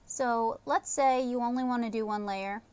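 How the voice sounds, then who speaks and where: A woman teaching watercolor painting on a livestream, talking casually and in halting phrases while she paints. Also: a little high, steady tone, a little mellow, clean tone. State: talking with a candy in her mouth. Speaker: art instructor.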